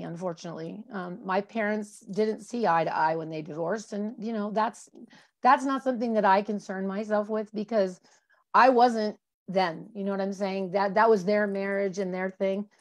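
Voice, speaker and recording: A woman in her forties, a guest reflecting candidly on her life, with many fillers and restarts. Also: medium pitch. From Colorado, USA. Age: 40s. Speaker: interview guest. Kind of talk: candid personal conversation.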